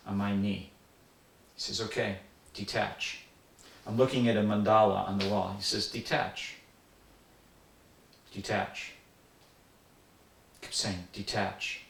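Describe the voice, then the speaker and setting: An older man tells his memories in an earnest, reflective way. His voice sits low with a gravelly edge. The sound is roomy and set back from the microphone. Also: fairly bright tone, slight background noise. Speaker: interviewee recalling a spiritual teacher. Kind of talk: personal reminiscence. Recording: roomy sound from a distant mic.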